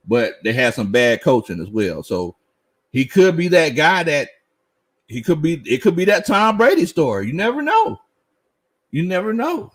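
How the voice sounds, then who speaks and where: Animated man with lively pitch. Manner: laughs often, animated, Southern slang. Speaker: sports show host. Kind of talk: casual live-stream chat reading comments.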